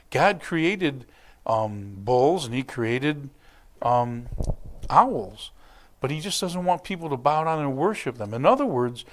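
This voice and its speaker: Animated man preaching a sermon. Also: medium pitch. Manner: animated, conversational preaching with acted-out quotes. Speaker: pastor. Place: church.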